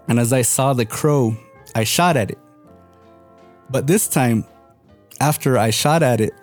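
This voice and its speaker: Mellow-voiced man telling a rambling story. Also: mid-range voice. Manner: rambling, many "you know" and "kind of" fillers. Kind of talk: casual personal storytelling.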